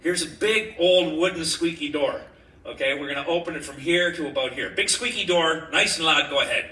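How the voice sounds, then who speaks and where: A man's voice: on the high side, brisk, pushed and bright. A man hosting an improvised comedy sound-effects game, bossy, laughing and swearing as he gives orders. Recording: roomy, distant mic, noisy background.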